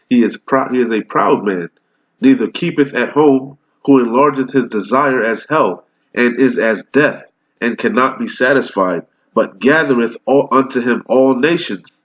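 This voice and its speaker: A preacher with a middle-pitched voice delivers fiery scripture teaching, firing off rhetorical questions and answering them himself. He slows down to read the old verses deliberately. The recording is dull and lo-fi.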